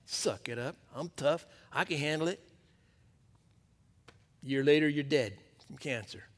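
A male pastor giving a sermon to a men's Bible study, preaching in a conversational, emphatic way that drops to a hush at times. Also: on the high side, a little slow.

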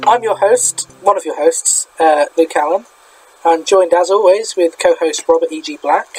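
A man's voice: a little high, normal speed, breathy edge, faint music behind, poor audio. A British man co-hosting a podcast, chatting casually and rambling in a self-deprecating way. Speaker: podcast co-host. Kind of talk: casual chat.

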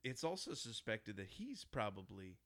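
A man's voice: fairly low pitch, normal speed. A man in casual chat, retelling a horror film scene by scene, acting out the lines and swearing freely. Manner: animated storyteller, acts out quotes, swears often.

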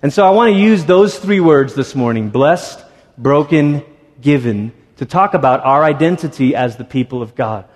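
High-pitched guy preaching in a church, chatty and animated, long echo in the hall. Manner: conversational, animated storytelling with quick asides. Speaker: pastor. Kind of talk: sermon. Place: church sanctuary.

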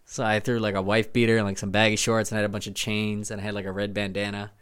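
Smooth-voiced man chatting on a podcast. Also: on the low side, flat delivery, fast talker, fairly bright tone. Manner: enthusiastic, laughing storyteller. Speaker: podcast co-host. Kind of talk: casual chat.

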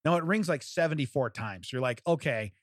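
A man's voice: mid-range voice, lively intonation, a little fast, dry recording, clean studio sound. A man telling a long story in casual chat, acting out both sides of a phone call and laughing often.

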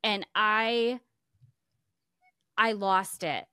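A woman co-hosting a podcast in casual chat, telling stories in an animated way and laughing often. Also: medium pitch, drawn-out words, clean tone, no room sound, clean studio sound. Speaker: podcast co-host.

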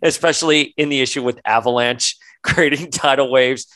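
A man co-hosting a comic book podcast in a relaxed, joking chat. His voice sits in a middle register, and it jumps up high whenever he mocks a character. The sound is close and dry. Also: normal speed, no echo. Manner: animated, jokey, pitch jumps up when mocking characters. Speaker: podcast co-host. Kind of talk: casual chat reviewing comics.

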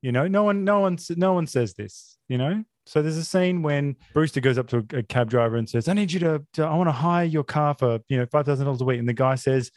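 A man's voice: on the high side, quick pace, hardly any pauses, darkish tone, dry recording, clean studio sound. A man who is not American, a podcast host talking about a film in an opinionated, rambling way, with many fillers. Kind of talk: casual film chat.

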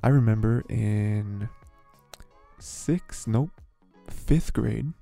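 A man's voice: mid-range voice, moderate pace, vocal fry, warm tone, soft background music. A young man hosting a podcast, talking in a rambling, filler-heavy, exasperated way. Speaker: podcast host. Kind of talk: casual commentary.

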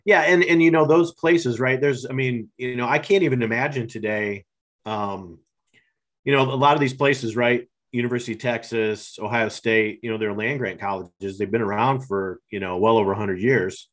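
A man's voice: medium pitch, fairly even intonation, moderate pace, fairly bright tone. A man hosting a casual podcast chat, agreeing often and filling with "you know" and "right".

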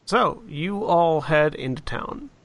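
A man running a tabletop game as game master, describing scenes in an unhurried, descriptive way. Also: on the high side, animated, a bit bright, no echo.

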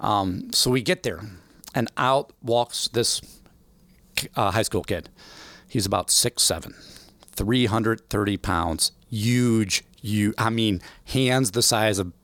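A man in his forties from the American Midwest, telling stories in an interview, animated and acting out voices in the quotes. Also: lowish voice, slow pace, no room sound. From Illinois, USA. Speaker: guest. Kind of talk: storytelling interview.

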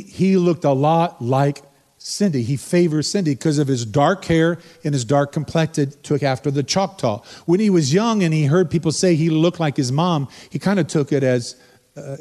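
An older man preaching a sermon, telling stories and calling on people in the congregation in a relaxed, conversational way. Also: on the high side. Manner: conversational, storytelling preacher who addresses the congregation directly. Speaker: pastor. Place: church sanctuary before a congregation. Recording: long reverb from a church hall.

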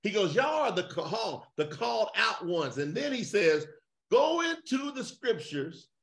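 A man preaching fiery call-and-response over a video call, emphatic and shouting, firing rhetorical questions at his listeners. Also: high-pitched, sing-song, measured pace, vocal fry. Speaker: preacher leading an online gathering.

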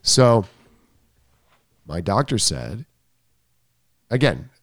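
A man's voice: lowish voice, very animated, extremely slow, no echo. A man hosting a podcast, chatting in a rambling, joking way and often cutting himself off. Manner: rambling, joking, self-interrupting. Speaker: podcast host. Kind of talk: casual podcast chat.

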